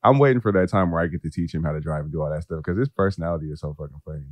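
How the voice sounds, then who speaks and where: A man's voice: rumbling low, racing, no room sound. A man in his thirties co-hosting a podcast in casual chat, laughing often and joking. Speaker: podcast co-host.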